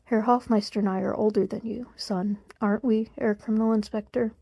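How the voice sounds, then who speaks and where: A woman's voice: medium pitch, steady tone, fairly quick, vocal fry, dark tone, no room sound. A woman voicing a polite, resigned elderly male tailor in a read-aloud book. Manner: formal, deferential.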